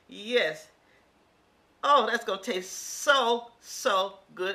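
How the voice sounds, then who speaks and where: A woman's voice: medium pitch, lively intonation, slow, creaky, sharp tone. A woman in her sixties demonstrating a recipe in her home kitchen, talking straight to viewers in a folksy, exclamatory way. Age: 60s. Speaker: home cook. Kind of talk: casual cooking demonstration.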